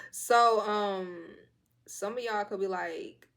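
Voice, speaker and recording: A young woman doing a casual tarot reading, loose and profane, with a slightly hoarse throat. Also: mid-range voice. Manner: fast, loose and profane, with lively quoted asides. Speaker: tarot reader.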